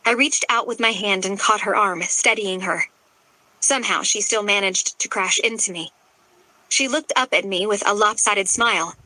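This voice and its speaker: A woman's voice: mid-range voice, normal speed, pushed and bright, no room sound, poor audio. A woman narrating a romance audiobook in the first person, with emotional, dramatic delivery.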